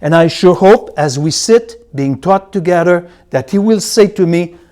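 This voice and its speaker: A man teaching a Bible study, slowing to spell and repeat key words and swinging between loud emphasis and quiet asides. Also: high-pitched, lively intonation.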